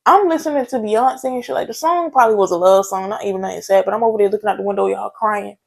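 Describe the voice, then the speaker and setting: A young woman chats candidly through a storytime vlog and talks straight to her viewers. Her mid-pitched voice carries a gravelly, creaky edge. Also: fast talker, a little mellow. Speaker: vlogger. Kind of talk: casual storytime chat.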